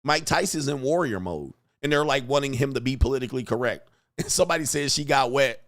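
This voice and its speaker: A man hosting a commentary vlog, talking in a profane, animated way and acting out quotes. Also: medium pitch, quick pace. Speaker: host.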